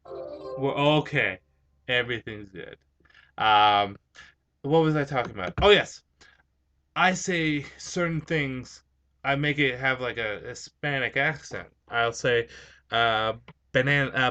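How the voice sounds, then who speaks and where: A young man hosts a vlog, answering viewer questions in a rambling, hesitant way full of fillers. A slight Spanish-influenced accent colors some words. His voice is medium-pitched, pushed, and bright, and the talk is casual.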